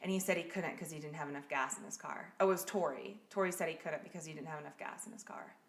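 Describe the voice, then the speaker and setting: In an echoey room, a woman hosting a podcast walks through a true-crime case bluntly and casually, swearing freely. Her voice sits low and she talks fast.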